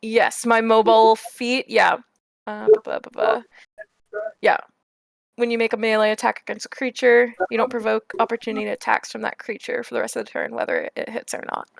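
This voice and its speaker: A woman's voice: on the high side, little pitch movement, a little fast, gravelly, no room sound. A woman playing a tabletop game, casual and playful with stammering fillers. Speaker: player.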